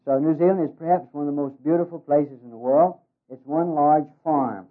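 A man's voice: fairly high pitch, fairly quick. Folksy man speaking over a tinny line. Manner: folksy, hesitant with many uh's. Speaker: ministry worker giving a talk. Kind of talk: humorous speech with jokes. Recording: tinny phone-like radio recording.

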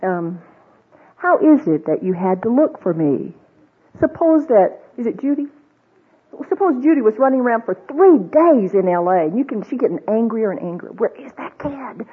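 A woman with a slightly high, animated, slightly rough voice talks at normal speed while leading a conversational Bible teaching for a women's group. Questions to the audience, acted-out quoted voices, fillers and restarts fill the tinny, phone-like old recording.

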